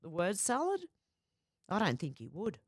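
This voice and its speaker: Reading chat messages aloud and responding to them, an Australian woman runs a relaxed, talkative livestream. Her voice sits on the low side with huge pitch swings at a moderate pace, recorded in clean studio sound with no room sound.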